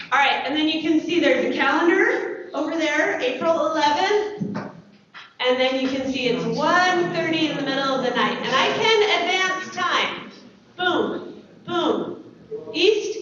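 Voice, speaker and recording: An American woman teaching a planetarium class, chatty and lively, asking students questions. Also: high-pitched, very echoey, distant mic, lo-fi sound. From United States. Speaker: astronomy teacher. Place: planetarium dome.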